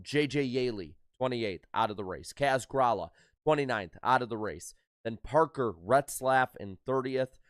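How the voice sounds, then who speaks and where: A man's voice: medium pitch, clear, resonant tone, no room sound. Casual male race-recap host, dry close mic. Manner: rapid rundown of results with filler "uh"s. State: slightly worn voice after a concert. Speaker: racing podcast host.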